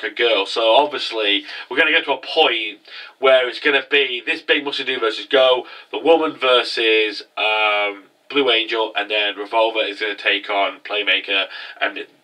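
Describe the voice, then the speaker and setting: A man's voice: medium pitch, pushed and bright, recorded from a distance, rough recording. A man casually recapping an anime episode, rambling with many restarts. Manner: rambling, frequent restarts and fillers.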